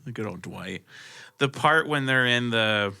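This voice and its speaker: A man's voice: medium pitch, expressive, unhurried, creaky, pushed and bright, clear, resonant tone. A man co-hosting a podcast, chatting casually and jokily about a movie. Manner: easygoing, jokey, chuckles along. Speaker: podcast co-host. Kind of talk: casual movie review chat.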